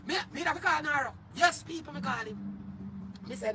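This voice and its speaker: A man with a Jamaican accent in an angry livestream rant, cursing loudly and often shouting. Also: extremely high pitch, brisk, noisy background. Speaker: social media personality.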